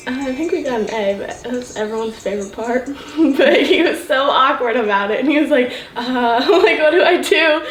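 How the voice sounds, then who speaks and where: High-voiced young woman, giggly. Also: fairly quick, few pauses, roomy sound, soft background music. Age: young adult. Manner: giggly, bashful storytelling. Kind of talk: reminiscing documentary interview.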